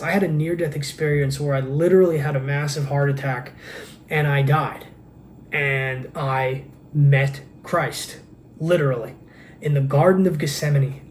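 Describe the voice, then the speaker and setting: A man's voice: fairly high pitch, darkish tone, a little hiss or hum. A man hosting a podcast in a casual monologue, earnest and intense, rambling with many restarts, recorded on a camera microphone. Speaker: podcast host.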